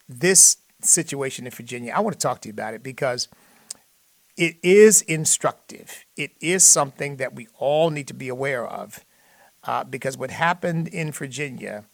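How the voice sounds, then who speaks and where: A man's voice: medium pitch, vocal fry, no room sound. Emphatic preacherly radio host man. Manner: preacherly, emphatic, scripture-quoting. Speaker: radio talk show host. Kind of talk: political talk radio monologue. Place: radio studio. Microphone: studio microphone.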